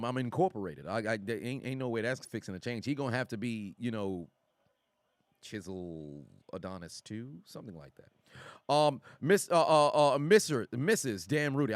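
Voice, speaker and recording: A man streaming live and reading out chat messages, talking in an animated, excitable way and swearing freely. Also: fairly low pitch, fairly quick, dry recording, clean studio sound.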